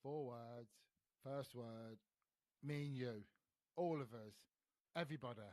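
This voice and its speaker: A man's voice: mid-range voice, unhurried, a little mellow, no echo, clean studio sound. A man hosting a podcast, guessing words in a party game, laughing and thinking aloud. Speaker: podcast host. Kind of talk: playing a guessing game with guests.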